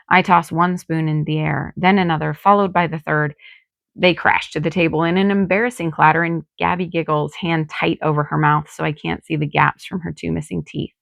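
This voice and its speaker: A woman reading her own novel aloud in calm first-person narration. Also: low-pitched, moderate pace, gravelly, no room sound. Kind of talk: audiobook reading.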